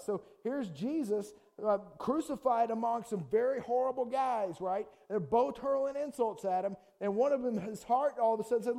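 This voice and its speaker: A man preaching a sermon to a congregation in a casual, animated way, acting out quick voices of people. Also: very high voice. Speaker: pastor.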